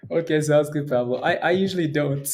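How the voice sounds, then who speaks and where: A man's voice: fairly high pitch, normal speed, a little mellow. A man hosting a casual stock trading livestream, joking around with his viewers and laughing often.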